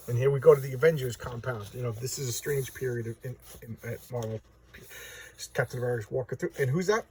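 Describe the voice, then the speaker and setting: Talking fast in a mid-range voice with a dark tone, a comic book reviewer chats casually and excitedly. He rambles, leans heavily on fillers and keeps restarting, captured by a distant mic.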